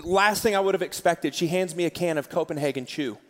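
A man preaching a sermon as pastor, telling stories in an animated way and laughing often. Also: fairly high pitch, a little fast. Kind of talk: sermon storytelling. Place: church auditorium. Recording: large hall with live audience.

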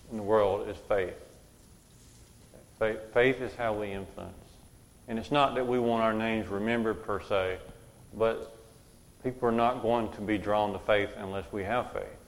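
A man's voice: lowish voice, measured pace, pauses often. A man leading a group Bible study, who asks questions and repeats the answers back to the room.

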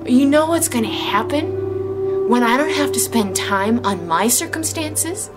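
A woman's voice: high-pitched, lively intonation, unhurried. A woman sharing an emotional, exclamatory faith testimony, with music underneath. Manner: emotional, exclamatory, tearful at moments. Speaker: Christian speaker sharing testimony.

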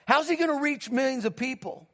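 A man's voice: fairly quick, vocal fry. A middle-aged man, a pastor, telling a personal testimony in a sermon, acting out his conversations with God and calling to the congregation for responses. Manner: storytelling, acts out dialogue with God in a lower, quieter voice.

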